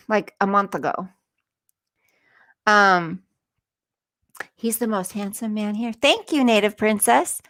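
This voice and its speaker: Slow-talking, chatty middle-aged woman. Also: fairly high pitch. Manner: chatty and easily sidetracked, laughing often. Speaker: livestream host reading chat comments. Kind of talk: casual livestream chat.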